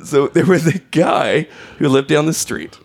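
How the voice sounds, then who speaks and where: A man's voice: a little high, a little slow, gravelly. A man in his forties hosting a podcast, telling family stories with lots of laughter. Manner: animated storyteller, acts out quotes and laughs. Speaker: podcast host. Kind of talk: casual conversation.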